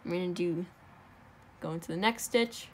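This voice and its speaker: Young adult woman hosting a home craft tutorial; relaxed, chatty, fixes her slips aloud. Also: lowish voice, moderate pace, a little hiss or hum. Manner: chatty, self-correcting, talks while working. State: out of breath. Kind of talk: casual step-by-step craft tutorial.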